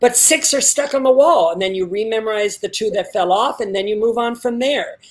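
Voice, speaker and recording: A man's voice: high-pitched, a little fast. Emphatic male acting teacher coaching. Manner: emphatic, explains step by step with repetition. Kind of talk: live workshop coaching.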